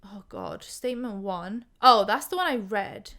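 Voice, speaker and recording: A woman's voice: mid-range voice, expressive, measured pace, bright, forceful tone. A woman hosting a storytime commentary channel, rambling casually, swearing and saying "like" a lot.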